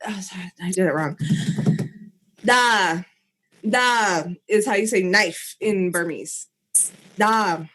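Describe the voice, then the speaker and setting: A woman's voice: medium pitch, normal speed, hardly any pauses, a bit bright. Rambling, giggly woman on a podcast. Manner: giggly, rambling, stumbles over words. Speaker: podcast co-host. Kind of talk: casual chat.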